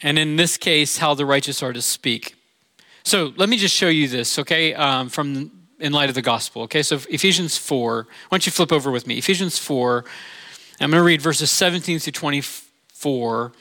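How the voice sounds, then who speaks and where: Midwestern male pastor, middle-aged, bright tense tone, slightly high voice, dry close sound. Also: normal speed, no room sound. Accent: Midwestern American. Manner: earnest, conversational preaching with rhetorical questions. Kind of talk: sermon.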